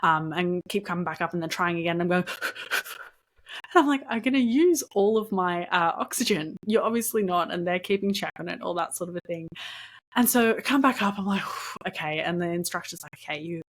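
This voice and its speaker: A young adult woman hosting her own podcast, telling a story in a chatty, animated way, laughing often and dropping in lots of ums. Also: on the low side, a little fast. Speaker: podcast host. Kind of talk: casual storytelling monologue.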